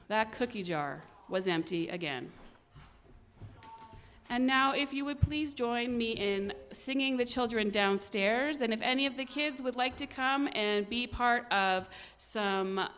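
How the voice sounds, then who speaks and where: A woman reading a children's story aloud at a church service, animated and expressive. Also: a little high, a little slow.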